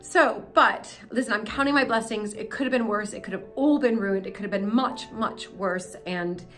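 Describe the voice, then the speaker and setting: A woman's voice: medium pitch, normal speed, a bit bright, faint music behind. An American woman hosting a vlog, talking in an emotional, rambling way while filming in a manor house cellar. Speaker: vlog host. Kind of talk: casual vlog talk. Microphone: handheld camera she is filming with.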